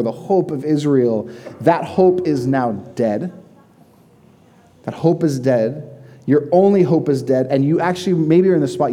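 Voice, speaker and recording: A man's voice: medium pitch, mellow. A young man giving a sermon as a pastor, retelling the scripture in a conversational, vivid storytelling way with frequent fillers.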